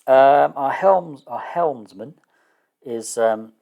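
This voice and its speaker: A man explaining his solo tabletop game setup in a casual, hesitant way, often pausing with fillers and restarting sentences, and unsure of some terms. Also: mid-range voice, animated, gravelly, warm tone, dull audio. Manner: self-deprecating, unsure of terms. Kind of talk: casual thinking-aloud explanation.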